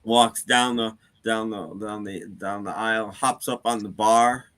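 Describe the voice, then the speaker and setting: A man's voice: fairly low pitch, fairly even intonation, measured pace, fairly bright tone. A man in a casual chat who tells a joke and acts out its characters. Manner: joke-telling, acts out characters with big swings.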